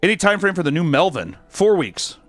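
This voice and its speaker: A young man chatting casually on stream as he reads fan messages, throwing in crude, sarcastic jokes. His voice sits a little high and swings up and down lively, with faint music underneath. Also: a little fast, no room sound. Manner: crude, joking, sarcastic asides. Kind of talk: casual chat.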